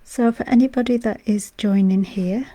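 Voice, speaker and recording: A gentle, whispery woman from Britain guides a live meditation stream while unwell, her voice thin and going. Her tone is dark and mellow, and she rambles kindly with plenty of fillers. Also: mid-range voice, normal speed. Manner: soft-spoken, gentle and rambling, with frequent fillers. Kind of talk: casual spiritual talk on a live stream.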